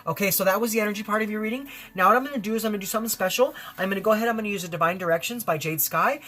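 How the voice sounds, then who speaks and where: Bright-voiced, effusive male tarot reader. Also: high voice, very fast. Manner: effusive, rambling, full of fillers. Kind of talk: spiritual tarot reading.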